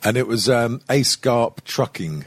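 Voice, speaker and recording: Husky sweary man rambling. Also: mid-range voice, expressive, measured pace, no room sound. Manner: rambling, sweary, with many fillers. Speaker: podcast co-host. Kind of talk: crude casual banter.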